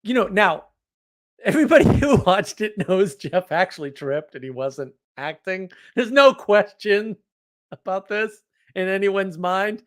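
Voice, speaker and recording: Animated storytelling man with a raised voice. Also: sits high, unhurried. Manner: animated, laughs often, many fillers and restarts. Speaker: host. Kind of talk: casual storytelling monologue.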